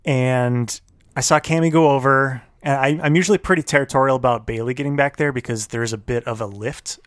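A man co-hosting a casual podcast, recounting a story with lively self-quoting. The sound is dry and close to the mic. His voice sits at a middling pitch. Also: brisk, no echo. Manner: animated storyteller who acts out his own quotes. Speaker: podcast co-host. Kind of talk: casual chat, telling a story.

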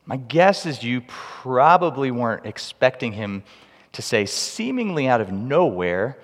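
Male pastor, sermon, animated and lively with humor; long hall reverb. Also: medium pitch, a little slow.

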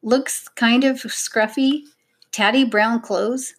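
Woman doing a wheezy gruff cop guy, brusque, kinda high for a man. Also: steady tone, slow. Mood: stern. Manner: brusque, working-class speech. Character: wheezing London police constable, gruff man.

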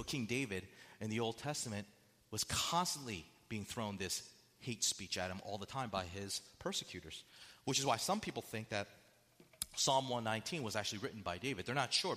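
A man's voice: mid-range voice, animated, moderate pace, a bit bright, long reverb tail. A man preaching a sermon, asking the audience rhetorical questions and acting out quotes with dramatic shifts. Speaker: pastor.

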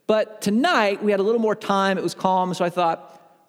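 A man in his thirties giving a conversational Bible teaching, telling personal stories in an animated way that builds up steam. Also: sits high, normal speed, vocal fry, big-room sound. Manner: animated storyteller who gets worked up. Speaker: podcast host teaching on faith.

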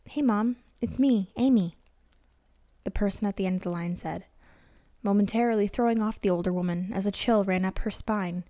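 A woman telling a spooky story in calm, measured scripted narration, close to the mic. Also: medium pitch, no echo.

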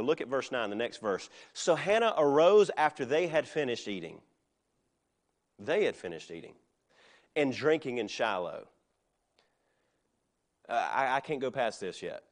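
Middle-aged guy preaching, chatty sermon with jokes, normal pitch voice. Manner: conversational preaching with humor and asides. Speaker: pastor.

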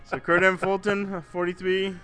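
A man's voice: high-pitched, level tone, moderate pace, fairly bright tone. A man co-hosting a podcast, telling stories in casual, profane banter and laughing often. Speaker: podcast co-host.

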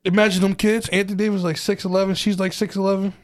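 A man trades banter on a casual podcast. His voice sits high for a man, and he talks in a brash, slangy way, swearing freely. He argues with his co-host in a playful, good-natured way. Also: level tone, fast talker. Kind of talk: casual chat.

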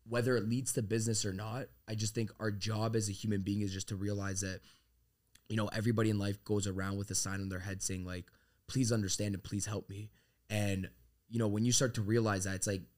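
A man from Canada, a podcast guest, talking energetically and swearing freely as he tells stories from his working life. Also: fairly low pitch. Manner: energetic, profane, storytelling. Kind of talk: casual podcast conversation.

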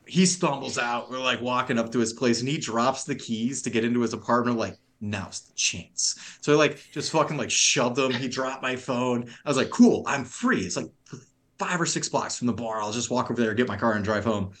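A man's voice: medium pitch, normal speed, fairly bright tone. A young adult man on a podcast, telling a long story in rambling, profane, laugh-filled casual chat.

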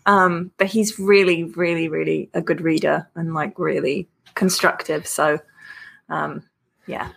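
A woman who writes, chatting in a lively, laughing way in an interview. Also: low voice, measured pace, gravelly, breathy edge. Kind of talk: casual interview chat.

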